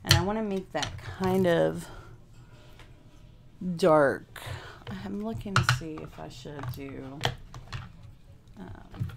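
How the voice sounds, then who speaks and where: A woman's voice: lowish voice, slow pace, gravelly, pauses often, heavy background noise. A woman from Texas, chatting casually with live viewers while she works on a craft project and thinks aloud. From Houston, Texas. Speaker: craft vlogger.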